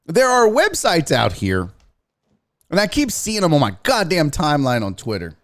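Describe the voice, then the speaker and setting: A man's voice: fairly high pitch, huge pitch swings, normal speed, a bit bright. A man hosting a sports stream, ranting in a profane, exasperated way and mocking others in sing-song asides. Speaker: sports show host. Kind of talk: live-streamed sports rant.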